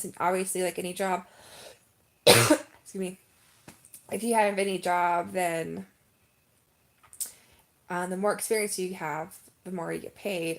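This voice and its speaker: A woman's voice: fairly low pitch, vocal fry. A woman vlogging in a casual live-stream chat, talking in an emphatic, rambling way with lots of "like" and "um". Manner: chatty and emphatic, heavy use of "like" and "um".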